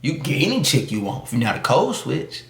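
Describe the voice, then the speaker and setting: A man's voice: medium pitch, sing-song, fast, gravelly, a bit bright, echoey room. A man giving a casual, emphatic opinion monologue, full of street slang and mocking asides. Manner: emphatic, slangy street talk with mock voices. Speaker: YouTube commentator.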